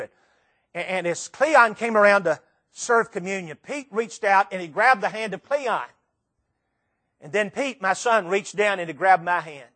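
A middle-aged man preaching a sermon, telling a story emphatically with repeated phrases and dramatic pauses. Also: high-pitched, fairly bright tone.

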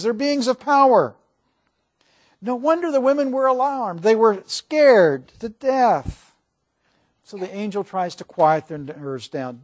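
High-voiced animated preacher man. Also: measured pace. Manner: animated, questions to the audience. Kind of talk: sermon.

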